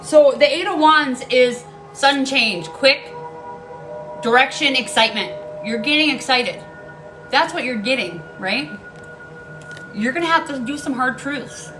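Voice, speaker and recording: A woman's voice: sits high, animated, measured pace, music in the background, rough recording. A woman giving a casual tarot reading, blunt and emphatic, swearing freely and repeating key lines for emphasis. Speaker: tarot card reader.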